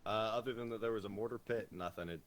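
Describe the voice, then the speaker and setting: Very deep-voiced, hesitant man. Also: fast. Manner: hesitant, many fillers. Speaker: officer in a military sim group. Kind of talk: debrief over game voice chat.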